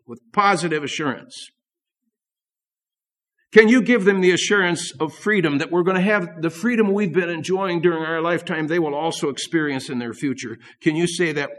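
An older man preaching in earnest, his voice sitting a little high for a man. He leans hard on repeated phrases and then falls back to quiet asides, in a steady pulpit cadence. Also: fairly quick. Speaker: pastor. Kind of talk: sermon.

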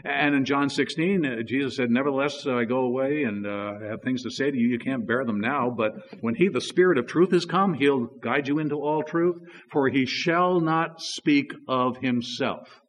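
A man preaching a sermon in a relaxed, conversational way, telling stories with frequent "you know" asides. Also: mid-range voice, moderate pace, hardly any pauses, in a large hall, a little hiss or hum. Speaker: pastor.

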